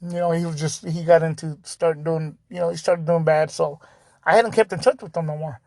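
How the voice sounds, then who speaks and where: A man's voice: a little high, fairly even intonation, fairly quick, a little mellow, no room sound. A man hosting a podcast, telling a story in a loose, laid-back way, full of "dude" and "like" and frequent laughter. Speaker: podcast host. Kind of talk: casual storytelling.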